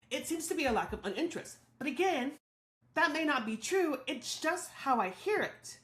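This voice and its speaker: A woman's voice: high voice, big pitch swings, moderate pace, fairly bright tone, roomy sound. A woman hosting a solo podcast, talking candidly and reflectively about her own thoughts and feelings. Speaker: podcast host.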